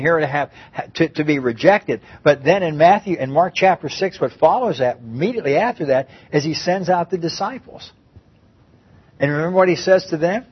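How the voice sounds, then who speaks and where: A man's voice: mid-range voice, husky, muffled recording. A man preaching a conversational Bible-teaching sermon, often repeating and restarting his phrases.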